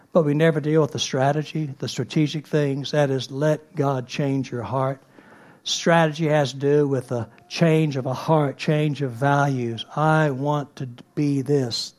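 Slightly high-voiced man preaching casually. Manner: conversational with frequent fillers and restarts. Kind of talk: sermon.

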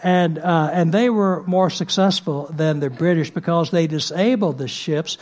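Slightly high-voiced man preaching casually. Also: a little slow, a little mellow. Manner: conversational with frequent fillers and restarts. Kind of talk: sermon.

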